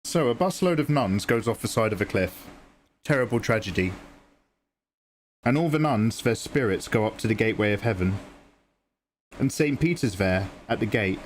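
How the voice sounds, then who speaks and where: A man's voice: fairly low pitch, lively intonation, moderate pace, long pauses, a little hiss or hum. A man chatting casually on his art stream, telling a joke in a rambling, self-deprecating way. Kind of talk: casual chat while drawing on stream.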